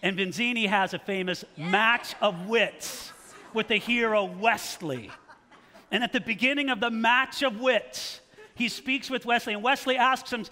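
High bright-voiced preacher in a reverberant hall. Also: male voice, moderate pace. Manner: animated, rhetorical questions, mock-challenging tone. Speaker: pastor. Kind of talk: sermon.

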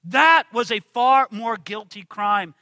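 A man preaching a sermon, swinging between loud emphasis and hushed passages as he reads scripture aloud. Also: very high-pitched, slow, no echo, in a large hall. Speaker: pastor.

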